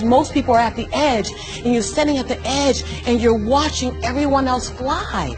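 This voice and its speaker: A woman's voice: a little high, normal speed, music in the background. A middle-aged woman telling her life story as an interview guest, emphatic and preacherly, often breaking into laughter. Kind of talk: animated personal storytelling.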